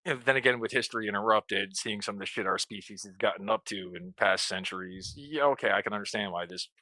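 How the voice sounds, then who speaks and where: A man co-hosting a casual chat, dry and sardonic, dropping profane jokes. His voice is bright and sharp in tone, though pitched a little low. It is recorded close, without room sound. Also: fast talker, no echo. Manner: sardonic, profane, wry asides. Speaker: co-host.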